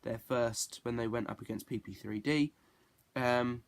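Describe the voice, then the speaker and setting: A man's voice: mid-range voice, measured pace. A man giving a casual spoken review, rambling and correcting himself as he goes. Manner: rambling, self-correcting, chatty. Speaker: TV show reviewer.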